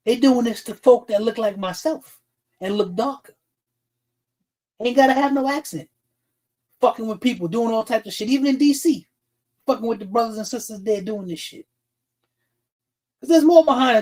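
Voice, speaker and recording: A man's voice: very high-pitched, darkish tone. A man hosting a livestream talk show, delivering blunt, profane, confrontational commentary with frequent restarts and repeated words. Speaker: streaming talk show host.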